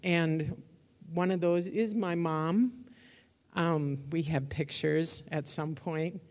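A woman's voice: sits low, fairly even intonation, slow, darkish tone. An older woman giving a church sermon and prayer, speaking emotionally and laughing often. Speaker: pastor. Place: church auditorium. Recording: long hall reverb.

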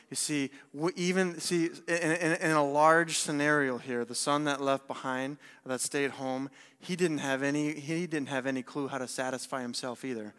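A young man giving an energetic sermon, firing rhetorical questions and repeating words as he presses a point. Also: a little high, moderate pace, smooth. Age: young adult. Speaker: speaker at young adults service. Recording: long hall reverb.

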